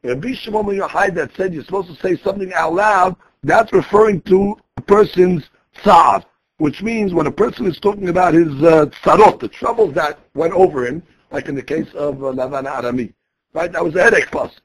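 A man's voice: sits high, fairly quick, husky. A man teaching a Talmud lesson, explaining each quoted phrase and restating his points in a conversational way.

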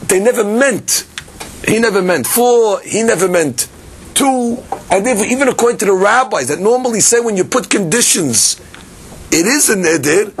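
A man's voice: high voice, slight background noise. A man teaching a Talmud class, acting out both sides of the argument and mixing Hebrew and Aramaic terms into his English. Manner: acts out both sides of the argument, many restarts. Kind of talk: lively Talmud class, reasoning aloud.

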